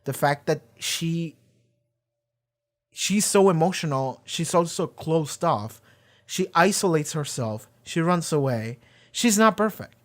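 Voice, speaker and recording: Man, fairly high voice, rambling, animated, casual talk, swears freely. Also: slow pace. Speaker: reaction channel host. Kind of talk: casual discussion.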